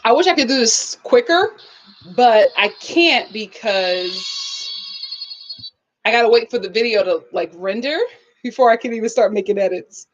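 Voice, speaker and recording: High-voiced woman chatting on a livestream. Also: animated, moderate pace, muffled recording. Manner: chatty, talks to her live chat, sings greetings. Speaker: YouTube reality-TV reviewer. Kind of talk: casual live-stream chat.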